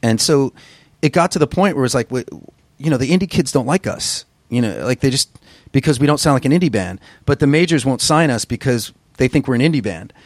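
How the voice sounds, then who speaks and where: A man who is a musician, telling stories in a casual interview, rambling and profane with a gruff voice. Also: medium pitch, animated, a little fast, no echo. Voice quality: gruff singer's voice. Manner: rambling, profane, self-deprecating storyteller. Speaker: musician guest.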